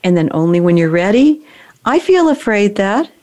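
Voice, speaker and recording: Calm woman guiding a coaching session. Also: mid-range voice, moderate pace. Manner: calm, directive, gently prompting. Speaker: emotional brain training coach.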